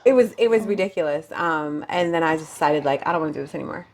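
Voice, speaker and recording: A woman's voice: low voice, fast, a little mellow, a little hiss or hum. Laid-back woman chatting on a podcast. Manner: laughs often, joking, trails off with fillers. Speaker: podcast co-host. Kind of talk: casual chat.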